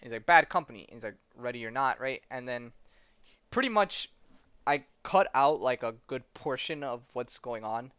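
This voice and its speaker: A man's voice: mid-range voice, expressive, a little slow, fairly bright tone, clean tone, dry recording, lo-fi sound. A man hosting a podcast, rambling through a comic story in casual chat and acting out the characters' lines with lots of fillers. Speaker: podcast host.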